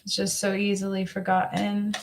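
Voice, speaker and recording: A woman's voice: medium pitch, monotone, normal speed. A woman doing a live psychic reading, her voice in a middle register. She coaxes and repeats phrases as she tunes in. A faint hiss and the odd click sit under the voice. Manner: repetitive, intuitive, coaxing, repeats phrases. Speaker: psychic reader.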